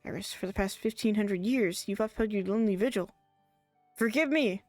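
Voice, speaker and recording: A solemn, remorseful ancient old man speaks in a slow, mock-deep voice, as a woman streamer puts him on while reading game lines aloud. The voice sounds close and dry, with faint music underneath. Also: a little mellow, no room sound, close to an everyday voice.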